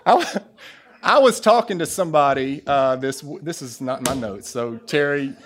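A man with a Southern US accent preaching a sermon to his church, lively, with asides and jokes to the congregation. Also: mid-range voice, moderate pace. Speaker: pastor. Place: church sanctuary.

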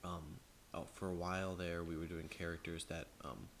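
Over a faint background hiss, this very low-voiced man co-hosts a casual podcast at a moderate pace. His tone is level and fairly bright as he rambles through long stories full of fillers and restarts.

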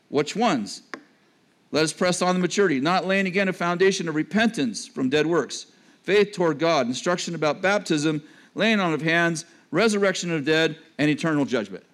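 A man preaching a sermon in a conversational way, with joking asides and sudden drops to a low register. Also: lively intonation, a little fast, fairly bright tone. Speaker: pastor.

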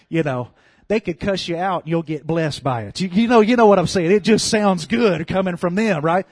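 A man with a Louisiana Southern accent preaching a sermon, building his lines up to loud calls and amens. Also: fairly high pitch. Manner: animated, swells to loud calls of "come on" and "amen".

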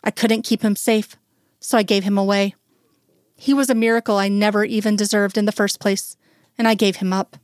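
A woman voicing a grieving, tearful woman who speaks softly and haltingly. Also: medium pitch, fairly even intonation, dry recording, clean studio sound, lightly acted. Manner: soft, hushed, halting.

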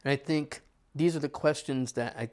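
A man's voice: medium pitch, normal speed. American male astrologer, casual and reflective, rhetorical questions. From United States. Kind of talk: casual conversation.

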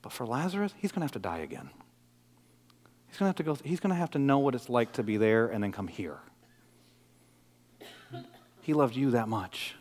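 A middle-aged man from the Detroit area, a pastor preaching a sermon, moving between loud, intense passages and quiet, intimate ones. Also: medium pitch, big pitch swings, a little fast, pauses often, in a large hall. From Detroit area, USA.

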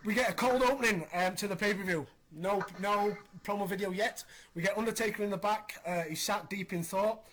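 A man in his thirties hosting a casual podcast, recapping in an animated, opinionated way. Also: high voice, a little fast, few pauses, a little hiss or hum. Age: 30s. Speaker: podcast host.

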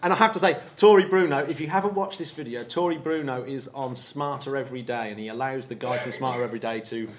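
A man from England co-hosting a space podcast in casual, excitable chat, laughing often. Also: medium pitch, fast, few pauses, background noise. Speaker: podcast co-host.

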